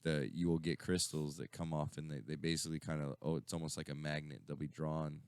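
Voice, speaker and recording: A man co-hosts a relaxed radio chat in a darkish bass voice that sounds clear and resonant, his delivery flat and a little fast. He swears and rambles through stories with lots of fillers and restarts, on a dry recording.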